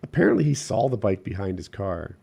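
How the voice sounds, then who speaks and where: A man casually telling a childhood story on a podcast, sometimes dropping low and quiet. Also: big pitch swings, fairly quick, creaky, slightly rough, dull audio. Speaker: podcast co-host.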